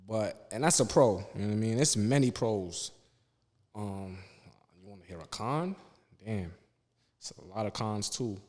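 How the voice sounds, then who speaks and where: A man's voice: fairly low pitch, animated, a little slow, long pauses, darkish tone, in a large hall. A young man, a fashion designer guest, speaking in a laid-back, earnest way in street slang. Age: young adult. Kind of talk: casual interview chat.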